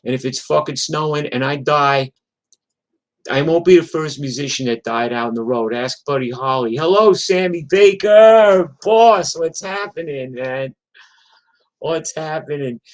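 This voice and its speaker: A man's voice: mid-range voice, rough recording. A man, a touring musician, telling road stories in a casual, profane, rambling way. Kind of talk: casual storytelling on a livestream.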